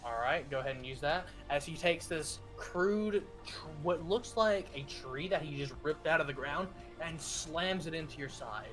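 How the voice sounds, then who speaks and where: A man's voice: fairly high pitch, normal speed, hardly any pauses, a bit bright, soft background music. A man narrating and running a tabletop game as game master, describing actions with lots of fillers and restarts. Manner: narrates actions with frequent fillers and self-corrections.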